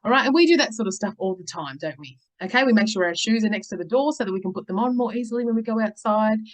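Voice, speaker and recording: A woman's voice: medium pitch, expressive, fast talker, low-quality recording. Earnest woman coaching parents. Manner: earnest, reassuring, keeps saying "okay" and "all right". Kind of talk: talking to camera, advice video.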